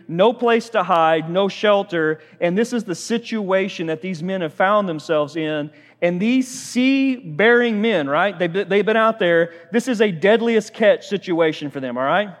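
A pastor with a high-pitched voice preaches a sermon in an animated, conversational way, often putting questions to the congregation. A long reverb tail trails his words.

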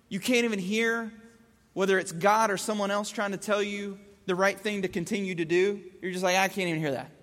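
A man's voice: sits high, a bit bright, big-room sound. A man giving a conversational Bible teaching, casual, asking rhetorical questions and restating verses in plain words.

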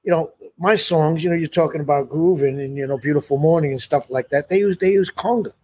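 An older musician telling stories in a casual interview, rambling with many "you know"s and restarts and laughing often. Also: male voice, a little high, fast talker, a little mellow, breathy edge. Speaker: musician guest.

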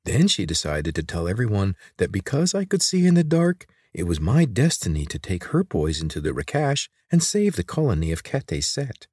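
A sharp-tongued teenage girl, put on by a man reading a story aloud, blunt, sarcastic and quick to take offense. Her voice rides higher than his own and swings lively up and down. The sound is dry and close. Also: breathy edge, no echo. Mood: guarded, bitter.

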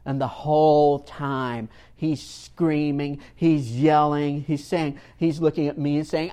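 A man's voice: fairly high pitch, little pitch movement, slow pace, hardly any pauses, dark tone, smooth. A man tells a sermon story in a loose, conversational manner. He often restarts his sentences and checks in with the listeners. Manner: conversational, frequent restarts and tag questions. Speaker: church children's program volunteer.

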